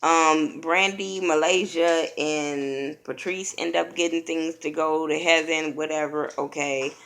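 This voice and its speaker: A woman's voice: deep voice, fairly even intonation, measured pace, a bit bright. A woman giving a blunt, profane, opinionated casual recap of a reality TV episode.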